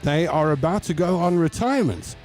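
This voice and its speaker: South african guy hosting, mellow voice, rambles through stories. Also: a little high, expressive, brisk, faint music behind. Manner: chatty, rambling anecdotes with repeats. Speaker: show host. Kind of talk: casual storytelling.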